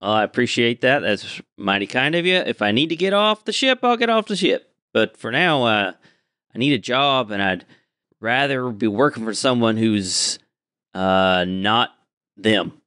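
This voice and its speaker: A man's voice: mid-range voice, big pitch swings, normal speed, sharp tone, clean tone, dry recording, clean studio sound. A man voicing a grizzled, polite male sailor who drawls folksily and hesitates over his words. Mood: folksy.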